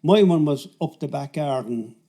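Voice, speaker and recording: A man's voice: a little high, lively intonation, normal speed, dark tone. A man in his seventies with a Cork Irish accent, telling his story casually as a podcast guest, rambling and restarting his sentences. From Ireland. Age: 70s. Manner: rambling, self-interrupting, friendly. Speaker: podcast guest, fitness coach.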